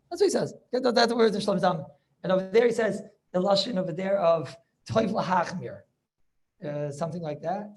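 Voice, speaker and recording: A man, a rabbi, teaching an informal class over a video call, chatty and sprinkling in study-hall terms. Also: high voice. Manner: chatty, mixes in Yiddish and Hebrew study terms.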